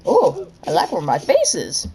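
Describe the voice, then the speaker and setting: A woman giving let's play commentary, excitable, squealing and shouting at the game as she plays. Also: on the low side, takes it slowly, a crowd in the background, low-quality recording. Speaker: gameplay commentator.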